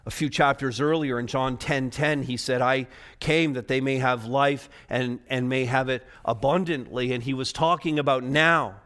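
A man preaching a sermon to a congregation, moving between quiet, low passages and rising, urgent emphasis. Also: steady tone, normal speed, few pauses. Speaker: pastor. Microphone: preaching to a live congregation, also streamed online.

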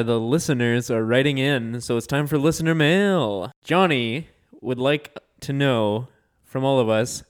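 Man, podcast co-host, reads listener mail, relaxed, hesitant, smooth resonant voice. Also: mid-range voice. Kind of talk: casual chat.

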